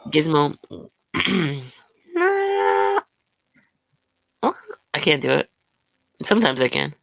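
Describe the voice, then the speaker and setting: A woman's voice: deep voice, unhurried, creaky, a bit bright, dry recording. A woman co-hosting a live horror show, chatting casually, laughing and swearing as she tries out celebrity impressions. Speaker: podcast co-host.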